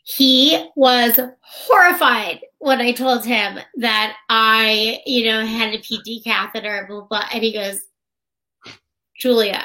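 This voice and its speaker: Woman interview guest, bright forceful tone, casual and chatty, voices others in her anecdotes. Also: fairly high pitch, takes it slowly. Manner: chatty, acts out others' lines while telling stories. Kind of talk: casual personal storytelling.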